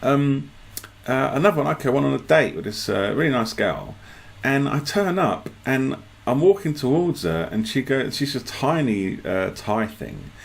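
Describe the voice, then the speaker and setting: A man's voice: mid-range voice, big pitch swings, moderate pace, creaky. A man telling amused, casual anecdotes to camera in a played clip. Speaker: vlogger.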